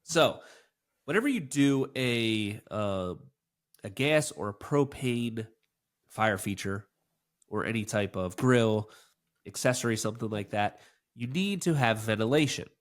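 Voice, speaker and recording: A man's voice: fairly low pitch, lively intonation, a little slow. A man co-hosting a podcast in casual chat, sounding nasal and congested from a cold, joking and quizzing his co-host. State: congested, sick voice.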